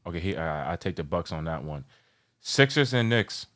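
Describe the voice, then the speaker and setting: Lower-voiced man, heated sports chat. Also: very animated, moderate pace. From New York. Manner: passionate, rambling, gets loud and worked up. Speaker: show host.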